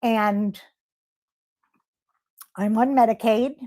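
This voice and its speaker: Slow-talking, effusive woman hosting a live stream. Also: on the high side, fairly even intonation, dark tone. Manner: effusive, reads viewer comments aloud and answers them; emotional, gushing with praise. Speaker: livestream host. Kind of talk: casual live-stream chat.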